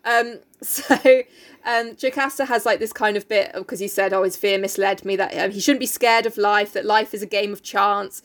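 A woman's voice: medium pitch, fairly even intonation, normal speed, fairly bright tone. A woman, casually retelling a play with sarcastic jokes, swearing and frequent laughter. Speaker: podcast co-host.

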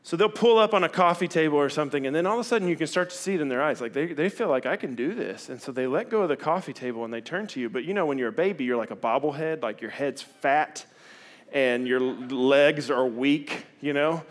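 A middle-aged man with a drawl delivers a sermon in an unpolished, conversational way. His voice sits on the higher side for a man. He swings between loud, pushing stretches and quiet, hushed ones. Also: fast. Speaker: pastor.

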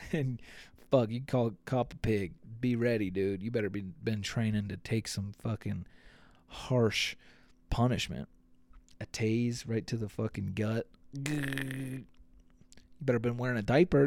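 A man's voice: medium pitch, darkish tone, no echo. Profane, rambling man hosting a podcast. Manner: profane, rambling, acts out quotes. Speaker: podcast host. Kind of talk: casual comedic podcast rant.

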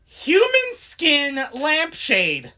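A woman's voice: high-pitched, huge pitch swings, drawn-out words, sharp tone. A woman co-hosting a podcast, chatting casually and rambling with plenty of fillers and laughter. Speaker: podcast co-host. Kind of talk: casual chat.

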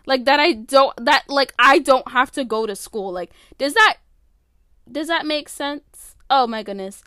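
Teen girl, podcast host, high voice, smooth tone, rambling and full of fillers, dry close sound. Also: fairly bright tone, no room sound. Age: late teens. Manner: rambling, filler-heavy, self-interrupting. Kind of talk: casual solo podcast chat. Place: bedroom at home. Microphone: phone.

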